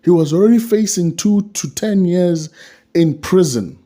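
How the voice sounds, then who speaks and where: A man's voice: high voice, expressive, a little slow, mellow. A man giving a solo commentary on a court case, repeating his points and asking rhetorical questions.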